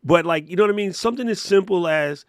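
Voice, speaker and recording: A man's voice: high-pitched, quick pace, smooth, no echo, studio quality. A man from Hawaii co-hosting a live podcast, telling casual stories and acting out the voices of people in them. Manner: animated storytelling, acts out voices in anecdotes. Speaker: podcast co-host.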